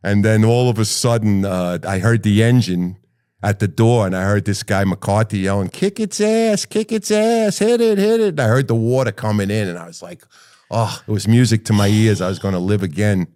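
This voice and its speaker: Middle-aged man with a low voice, telling war stories. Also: fairly quick, clean tone. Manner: animated storyteller who swears freely. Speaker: retired firefighter guest. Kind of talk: personal storytelling.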